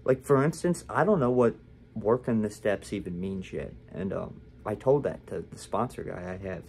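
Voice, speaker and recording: A man's voice: fairly low pitch, expressive, moderate pace, creaky, a little mellow, slight background noise. A young man talking candidly to the camera in a casual vlog, rambling with lots of fillers and restarts. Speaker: vlogger.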